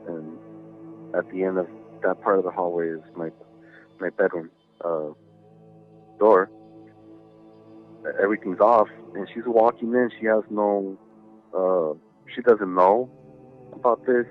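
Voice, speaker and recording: Speaking low and steady at a measured pace with long pauses, a man rambles through a ghost story as a podcast guest, swearing and using many fillers. His line sounds tinny, like a phone, and faint music plays behind him.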